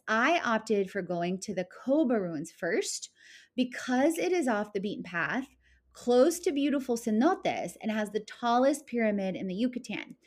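Upbeat woman travel vlogger. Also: medium pitch. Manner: upbeat, enthusiastic, self-correcting. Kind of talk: travel list vlog narration.

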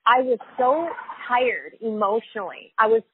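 Her voice is a little high and slightly rough, at normal speed and without echo, carried over phone-line audio. The woman, a chiropractor and life coach, tells her story candidly in an interview, emphatic and repetitive, with lots of fillers.

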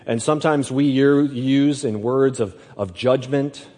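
A man preaching a sermon, slow and emphatic, often repeating his words. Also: mid-range voice, dark tone, long reverb tail.

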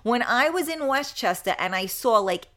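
A woman's voice: on the high side, expressive, moderate pace, sharp tone. A woman hosting a live talk show, telling a rambling story in a chatty manner, laughing often and talking to her audience. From New York. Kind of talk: casual live show chat.

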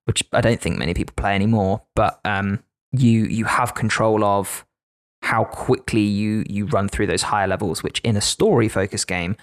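Low-voiced man in casual podcast chat. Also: normal speed, no room sound, studio quality. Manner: animated, acts out players' lines. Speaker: podcast co-host and game master.

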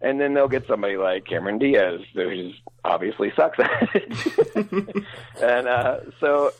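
A man's voice: medium pitch, big pitch swings, a little slow, slight background noise, rough recording. A middle-aged man who works as a voice actor, chatting casually and rambling with frequent laughs. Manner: easygoing, laughs often, rambling asides. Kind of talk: casual conversation.

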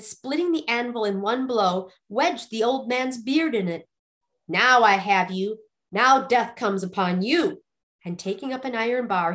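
A woman storyteller reading a ghost fairy tale aloud in an expressive, lively way. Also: fairly high pitch.

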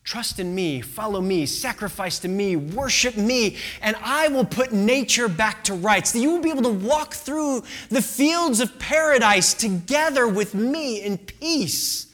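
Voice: mid-range voice, animated, a little slow, hardly any pauses, a bit bright. Preacher doing Caesar: grand, coaxing emperor. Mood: commanding.

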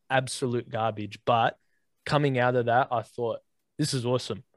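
A man's voice: medium pitch, dry recording. A man co-hosting a casual Christian chat, speaking earnestly and telling stories, his voice cracking now and then. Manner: earnest, storytelling. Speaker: podcast co-host.

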